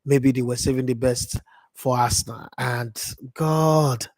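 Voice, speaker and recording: A man, his voice worn hoarse, talks on a livestream from home. He rambles and repeats himself with excitement, at a middle pitch. The sound is dry and close. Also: unhurried, dry recording. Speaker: football fan streamer. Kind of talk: casual live-stream chat.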